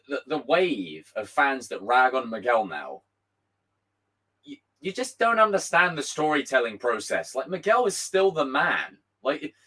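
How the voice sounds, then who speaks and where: Hoarse, animated young man live-streaming. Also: medium pitch, low-quality recording. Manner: animated, swearing, bursts into shouts. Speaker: streamer reading chat. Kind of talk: casual live-stream chat.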